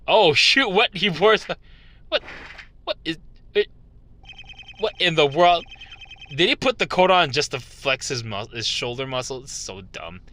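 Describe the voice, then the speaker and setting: A man giving casual, chatty gameplay commentary, animated and quick to laugh. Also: on the high side. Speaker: game video host.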